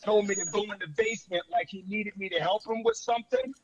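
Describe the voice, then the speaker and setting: A man telling a story slowly and deliberately in a casual podcast chat. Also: sits high, wildly swooping pitch, lo-fi sound.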